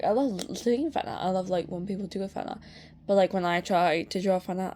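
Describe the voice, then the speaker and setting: A young woman chatting casually at home through a sketchbook tour, rambling with many fillers and getting excitable. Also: on the low side, a little hiss or hum. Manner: excitable, swears in bursts. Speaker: artist showing a sketchbook.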